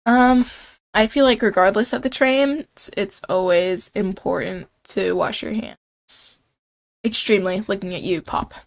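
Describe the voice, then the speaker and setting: A woman's voice: mid-range voice, a little slow, vocal fry. A young woman streaming a game, chatting playfully with her viewers and reading the on-screen text aloud. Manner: playful, chatty, reacts and jokes with chat.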